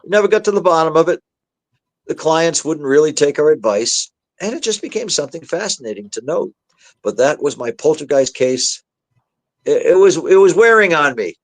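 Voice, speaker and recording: A man's voice: fairly high pitch, normal speed, no room sound, low-quality recording. A man, a demonologist guest, telling his story in a podcast interview and acting out the voices he quotes. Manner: animated, acts out the voices he quotes.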